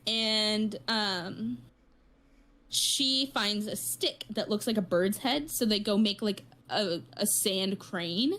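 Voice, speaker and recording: A woman's voice: mid-range voice, fairly bright tone. A woman co-hosting a podcast, retelling a story in casual chat with lots of fillers and restarts. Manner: rambling storytelling with many fillers. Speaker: podcast co-host.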